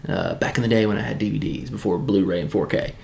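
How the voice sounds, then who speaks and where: A man's voice: lowish voice, quick pace, vocal fry, darkish tone. A man from Tennessee with a Southern accent, giving a rambling, casual video review with lots of fillers and restarts.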